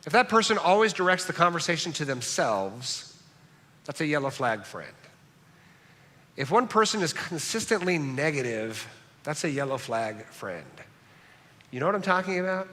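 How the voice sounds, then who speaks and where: A man's voice: fairly high pitch, big pitch swings, moderate pace, pauses often, bright, forceful tone. A middle-aged man preaching a sermon as pastor, in a conversational, joking and self-deprecating way, in a church sanctuary. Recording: reverberant church hall.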